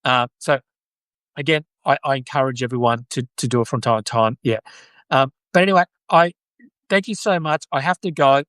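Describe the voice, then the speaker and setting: A man's voice: mid-range voice, moderate pace, fairly bright tone, dry recording. An Australian man hosting a casual live-stream chat, talking in an earnest, rambling way. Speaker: podcast host.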